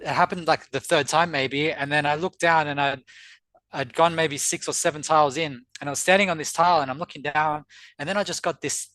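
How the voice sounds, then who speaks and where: Earnest man with a slightly high voice. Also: fairly bright tone, no room sound. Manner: earnest, reflective, repeats words while recalling. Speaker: podcast guest. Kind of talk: personal storytelling.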